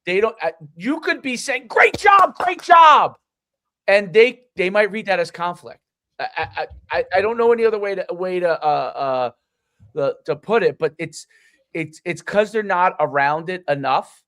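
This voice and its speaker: Male podcast co-host, halting and self-correcting, slightly high voice, dry close sound. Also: no room sound. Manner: halting, searching for words with many restarts. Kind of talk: casual podcast conversation.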